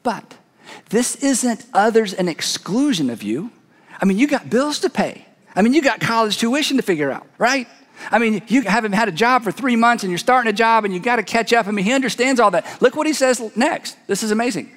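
A man preaching a sermon, retelling a story dramatically and dropping to a hush for emphasis. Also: extremely high pitch, expressive, brisk, long reverb tail. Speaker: pastor.

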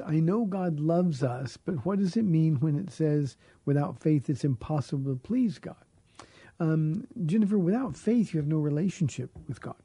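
A middle-aged pastor takes listeners' questions on a call-in radio show, speaking earnestly and often repeating words while he hunts for the right phrasing. His voice leans high, mellow and a bit rough, captured in a dry recording.

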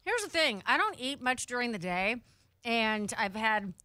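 Female co-host, relaxed storyteller, bright voice, dry studio sound. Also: on the high side, a little slow, no echo. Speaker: podcast co-host. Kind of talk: casual chat.

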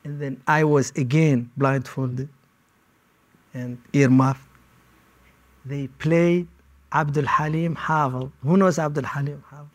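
Male interviewee with a raised pitch, recounting his past in short, halting phrases. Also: fairly even intonation. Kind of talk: personal testimony.

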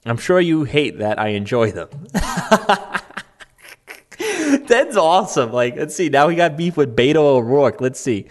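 A man with a slightly high, sing-song voice takes his time as a political commentator going through online posts. It's loose, rambling talk, sarcastic and mocking, full of "um" and "like," with the occasional laugh.

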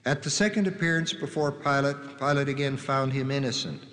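A man slowly and solemnly reading scripture passages aloud, naming the gospel after each one, his voice heard from a distance in a reverberant hall. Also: medium pitch, a bit bright. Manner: slow, measured, solemn reading with drawn-out quotes.

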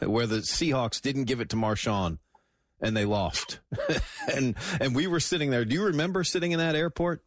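A man's voice: medium pitch, lively intonation, moderate pace, no room sound, clean studio sound. A man hosting a radio golf show, chatting and chuckling with a guest. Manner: chuckling, friendly. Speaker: radio host. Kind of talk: casual chat.

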